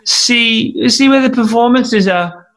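A man playing a gushing, scatterbrained theatre director who flatters his cast. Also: very high voice, slow, heavily acted.

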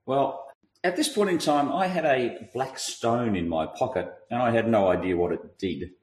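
A man recounting his part in a tabletop game, telling it in a relaxed and amused way. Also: mid-range voice, moderate pace, roomy sound, rough recording. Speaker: player. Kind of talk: casual podcast recap of a tabletop game.

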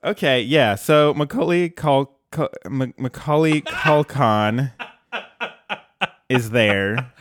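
A man's voice: mid-range voice, takes it slowly, noisy background. A man co-hosting a podcast, chatting casually about a cartoon episode, enthusiastic and often laughing. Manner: enthusiastic, laughs often, quotes lines with a grin. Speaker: podcast co-host.

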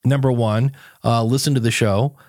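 Lively storytelling man, dry close sound. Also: medium pitch, moderate pace, no echo. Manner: animated storyteller acting out his own quotes. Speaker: podcast guest. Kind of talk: casual interview chat.

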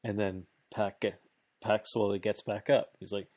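A man in casual chat, recapping a match play by play with excitement, laughing often and restarting his sentences. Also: fairly low pitch, normal speed, no echo.

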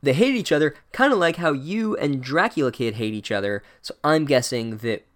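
A man's voice: fairly high pitch, expressive, normal speed, lightly acted. A man voicing an old wizard headmaster who talks in an offhand, breezy way in a comedic recap. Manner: offhand, casual, flippant.

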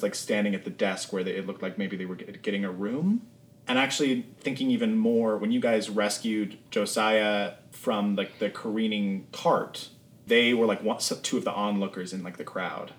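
Man running a tabletop game, roomy echo. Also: lowish voice. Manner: casual, rambling with many fillers. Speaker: game master. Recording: echoey room.

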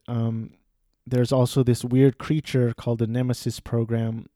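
A man's voice: medium pitch, mellow, no echo, clean studio sound. A man casually recapping a movie plot, rambling with fillers and self-corrections. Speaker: movie reviewer.

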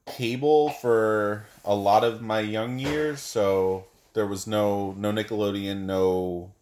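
A man with a fairly low voice, co-hosting a casual podcast. He talks in a loose, rambling way, full of jokes and asides. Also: fairly even intonation, takes it slowly, a little mellow, a little hiss or hum. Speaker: podcast co-host. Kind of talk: casual chat.

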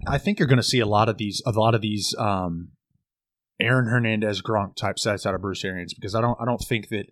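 A young man co-hosting a sports podcast, talking fast with lots of restarts and repeated words. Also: on the low side, dry recording. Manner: animated, stammering restarts. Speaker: podcast co-host. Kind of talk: casual sports chat.

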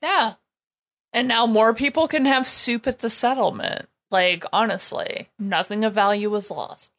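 A woman's voice: fairly high pitch, a little slow, fairly bright tone. A woman co-hosting a podcast, chatting casually in a blunt, opinionated way with frequent laughs. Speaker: podcast co-host.

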